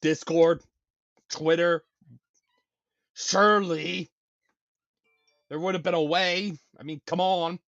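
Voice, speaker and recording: A man's voice: a little high, steady tone, slow, long pauses, fairly bright tone, dry recording, lo-fi sound. A man hosting a casual live-stream talk show, ranting and stammering as he repeats himself over and over. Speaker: show host.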